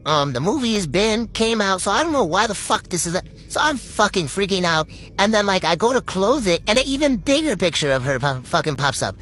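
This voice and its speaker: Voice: mid-range voice, sing-song, a little fast, hardly any pauses, a bit bright, slight background noise. A young adult from Puerto Rico telling a story to camera in a rambling, swearing, filler-heavy way. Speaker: TikTok storyteller. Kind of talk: casual storytime monologue.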